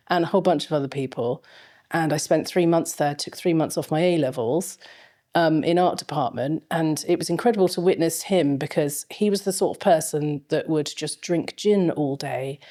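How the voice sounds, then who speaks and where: As a guest in a relaxed interview, a middle-aged fashion film lecturer speaks in a low, mellow voice. Her anecdotes meander at length, dotted with frequent ums and restarts.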